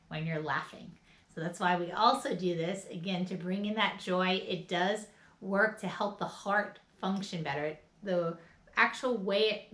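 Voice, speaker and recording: Upbeat, bright-voiced woman coaching a class. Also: medium pitch, echoey room. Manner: upbeat, coaching, with bursts of laughter and shouts. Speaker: wellness instructor. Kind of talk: guided laughter and movement class.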